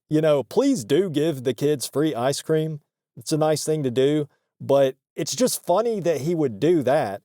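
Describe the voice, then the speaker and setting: A man's voice: fairly high pitch, warm tone, dry recording, studio quality. A man telling a work story in a casual, profane and joking way, laughing between lines.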